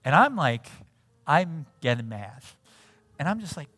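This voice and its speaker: Man, middle-aged, pastor, animated sermon story, mid pitch, dry sound. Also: brisk, no room sound. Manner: animated storytelling, acts out dialogue. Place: church sanctuary.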